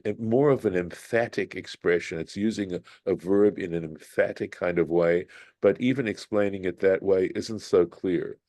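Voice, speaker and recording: A man leading a Bible study class, explaining Hebrew grammar slowly and thinking aloud with frequent restarts. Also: sits low, warm tone, no room sound.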